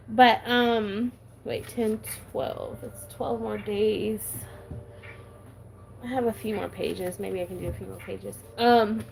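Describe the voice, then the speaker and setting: A woman's voice: mid-range voice, steady tone, normal speed, vocal fry, a little hiss or hum, rough recording. Giggly chatty valley-girl-sounding woman. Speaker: planner vlogger. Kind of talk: casual chat while stamping.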